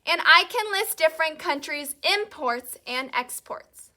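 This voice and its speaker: A woman teacher leading a call-and-repeat classroom lesson, saying each vocabulary word slowly and clearly and then repeating it. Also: high-pitched, expressive, bright, forceful tone. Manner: slow, clearly enunciated drilling of vocabulary.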